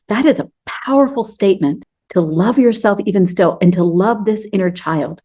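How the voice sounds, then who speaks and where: A woman coach giving an earnest, gentle teaching talk to camera, sometimes acting out her own inner dialogue. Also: fairly low pitch, moderate pace, few pauses, slightly rough, dull audio.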